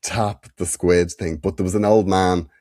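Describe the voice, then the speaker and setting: A man's voice: sits low, steady tone, moderate pace, darkish tone, no echo, studio quality. An Irish man co-hosting a comedy podcast, telling self-mocking stories with lots of laughter. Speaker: podcast co-host. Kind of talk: comic storytelling chat.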